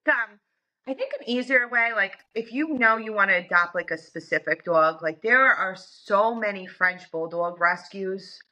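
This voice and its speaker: A woman's voice: medium pitch, moderate pace, bright, forceful tone, rough recording. A woman guest in a casual interview, talking in a chatty way full of "like" and "you know". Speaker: interview guest, dog owner.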